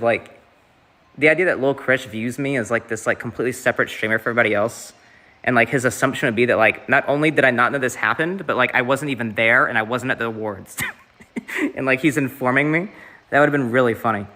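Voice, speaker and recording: A man's voice: mid-range voice, fast talker, pushed and bright. A young man from the Southeast US, streaming and chatting casually in a rambling way, with lots of fillers and swearing.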